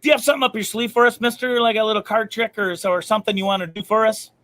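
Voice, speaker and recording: High-voiced enthusiastic male host. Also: steady tone, racing, fairly bright tone. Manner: enthusiastic, slangy. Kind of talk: casual interview chat.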